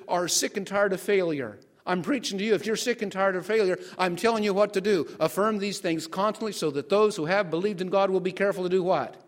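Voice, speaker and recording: Older male pastor, higher-pitched voice, sermon delivery, quizzes his listeners as he goes. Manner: asks the congregation questions and waits for answers.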